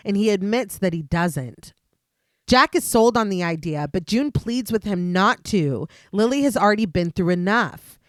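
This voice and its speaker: Female podcast co-host, steady plot-recap narration, mid voice, dry sound. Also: medium pitch, dry recording.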